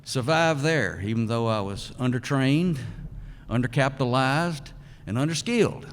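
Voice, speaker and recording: Older man at a podium, folksy storyteller, pauses a lot, mid-pitched, long reverb of a big hall. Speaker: hall of fame inductee. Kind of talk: acceptance speech with a folksy joke.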